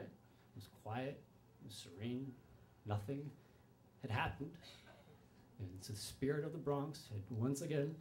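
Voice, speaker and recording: A man's voice: mid-range voice, a little slow, pauses often, darkish tone, a little hiss or hum. A man telling a personal story on stage in a conversational way, often checking in with tag questions. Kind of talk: live storytelling to an audience.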